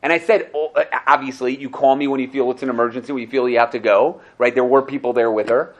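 A man's voice: medium pitch, fast talker. A man teaching a Torah class, telling stories and acting out the dialogue, often asking "right?". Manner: animated storyteller, acts out dialogues, asks "right?" often.

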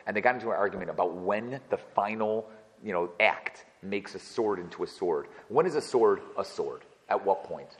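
A man's voice: low voice, animated, normal speed, breathy edge, in a large hall, low-quality recording. A man teaching a text study class as its teacher. He reads verses and then translates and explains each one. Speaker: Torah teacher.

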